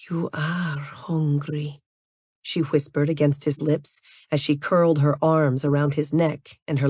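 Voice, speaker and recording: Low-voiced woman reading an audiobook. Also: a little mellow, no room sound, studio quality. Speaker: audiobook narrator. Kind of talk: scripted audiobook narration.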